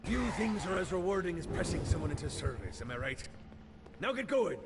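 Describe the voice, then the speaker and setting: An actor playing a boisterous, swaggering pirate captain in a video game, with a gravelly pirate drawl and a bossy, theatrical way of talking. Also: male voice, sits high, very animated, fairly quick, very noisy. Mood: instructing. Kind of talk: video game character dialogue. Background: game music.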